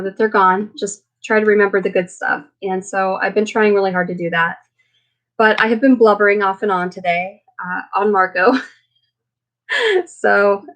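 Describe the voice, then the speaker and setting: A woman hosting a casual live chat with viewers, chatty and rambling, with many fillers, tired and emotional after being sick. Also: medium pitch. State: recovering from illness, emotional. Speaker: livestream host.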